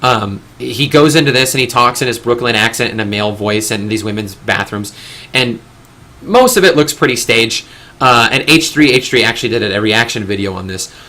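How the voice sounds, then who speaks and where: Bright-voiced young man rambling earnestly. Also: mid-range voice, animated, brisk. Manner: rambling, earnest, with frequent restarts. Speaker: discussion host. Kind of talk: casual panel discussion.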